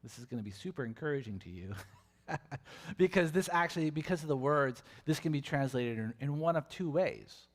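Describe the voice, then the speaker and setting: Male pastor, mid-high voice, animated sermon delivery, long church-hall reverb. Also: a little fast. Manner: animated, acts out voices and questions with big swings in loudness. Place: church sanctuary.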